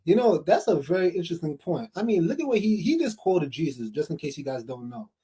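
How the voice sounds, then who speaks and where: A man with a husky, slightly raised voice talks over a video clip as its commentator. He builds his case with emphatic rhetorical questions and firm declarations. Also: fairly high pitch, big pitch swings, a little fast, mellow.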